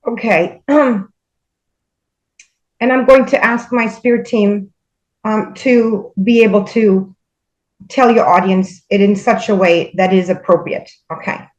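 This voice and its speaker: A woman guest recounting spiritual experiences in casual conversation, hesitant with many fillers and pauses. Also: medium pitch, fairly even intonation, dull audio.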